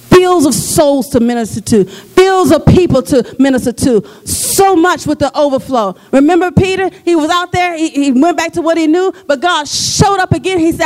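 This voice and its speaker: Fervent woman preacher, high voice, prophetic sermon, chants and calls for responses. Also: a little mellow. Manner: fervent, with repeated chanted words and call-and-response; breaks into storytelling with laughter.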